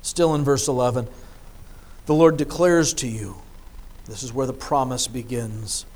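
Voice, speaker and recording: A man preaching a sermon, reading scripture and explaining it, with emphatic swings between soft asides and loud stressed phrases. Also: mid-range voice. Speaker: pastor.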